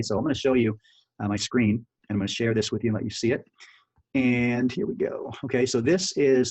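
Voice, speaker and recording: Fast-talking husky man training salespeople. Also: mid-range voice, darkish tone. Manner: fast, chatty, full of restarts and "right?" checks. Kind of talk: screen-share sales training. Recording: dull lo-fi audio.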